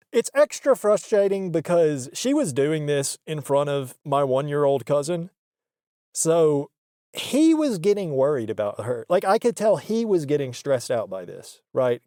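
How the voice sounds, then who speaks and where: Man, comedic rant, defensive and self-justifying, lively up-and-down voice, dry sound. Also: on the high side, no room sound. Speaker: comedic character host.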